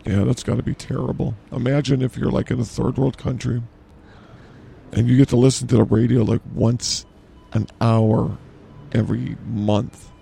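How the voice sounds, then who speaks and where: A man co-hosting an improvised comedy podcast in a grocery store, rambling deadpan and trailing off mid-sentence. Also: medium pitch, moderate pace, gravelly, slight background noise. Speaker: podcast co-host.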